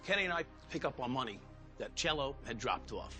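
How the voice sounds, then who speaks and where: Ex-cop guy swearing a lot, telling it straight, mid-pitched, music under him. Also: expressive, a little fast. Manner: blunt, heavy swearing, reenacts confrontations. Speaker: former police officer. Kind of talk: documentary interview storytelling.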